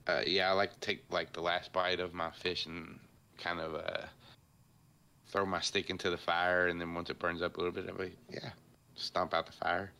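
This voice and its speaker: A man speaking casually as a player in a tabletop game, with a very deep voice full of gravel and fry. His tone is bright and edged despite the depth. He talks in an easygoing, hesitant way. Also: flat delivery, normal speed.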